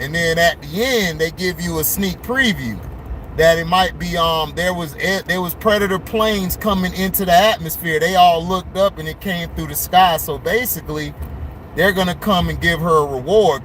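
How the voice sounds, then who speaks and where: A man reviewing a movie in casual chat while driving on delivery rounds, loose and excitable, repeating himself often. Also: a little high, moderate pace, slight background noise.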